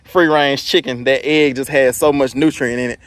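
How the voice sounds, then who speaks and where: A man filming a casual farm vlog, walking and talking in a relaxed, rambling way with lots of fillers. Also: medium pitch, moderate pace, no room sound. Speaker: farm vlogger. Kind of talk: casual walk-and-talk vlog. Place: small farm, outdoors then indoors in a house. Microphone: handheld camera.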